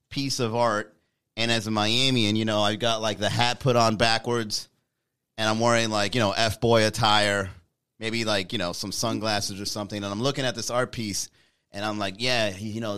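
A man's voice: mid-range voice, a bit bright, clear, resonant tone. A man hosting a live comedy podcast, rambling and joking about his sketch ideas. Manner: rambling, jokey, self-mocking. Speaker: podcast host.

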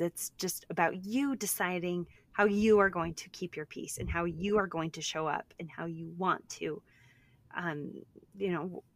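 A woman in her thirties co-hosting a podcast, chatting in a lively way, quick with restarts, a mother talking about her kids. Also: lowish voice, vocal fry. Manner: animated, talks fast with restarts. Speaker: podcast co-host. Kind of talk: casual chat.

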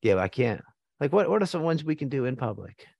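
An American man hosts a loose sports conversation, blunt and quick to swear and joke. His voice sits at an ordinary middle pitch. The sound is close and dry, with no room around it. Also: very animated, creaky, darkish tone, no echo. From United States. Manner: blunt, profane, joking. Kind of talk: casual sports chat.

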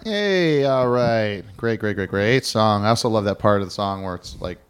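A man's voice: on the low side, lively intonation, normal speed, smooth. A man hosting a podcast in casual chat, rambling and joking, often laughing. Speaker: podcast host.

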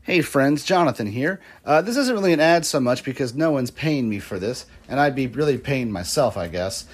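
A man's voice: medium pitch, lively intonation, normal speed, slight background noise. A man hosting an interview podcast, reacting with enthusiasm and reading his own plug. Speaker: podcast host. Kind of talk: casual conversational interview.

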